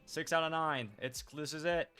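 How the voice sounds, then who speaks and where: Young man, game streamer, bright forceful voice, rambling live commentary, game music behind. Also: a little high, moderate pace. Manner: rambling, excitable, with lots of fillers and swearing.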